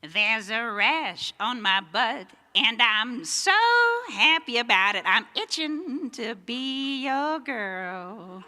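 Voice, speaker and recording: Man putting on a sultry jazz lady, slow croon, bright tone, long hall reverb. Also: very high voice, full character voice. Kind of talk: stand-up impression.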